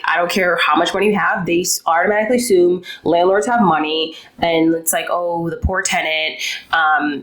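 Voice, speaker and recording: A woman's voice: lowish voice, fairly bright tone, poor audio. Chatty woman landlord giving advice. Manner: conversational, frequent fillers and restarts, acts out dialogue. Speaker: real estate investor and landlord. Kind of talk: casual advice talk.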